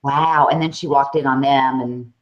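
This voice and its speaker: A woman with a Southern US accent co-hosting a casual chat, talking in an animated, chatty way and laughing often. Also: very deep voice, moderate pace, muffled recording. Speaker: co-host.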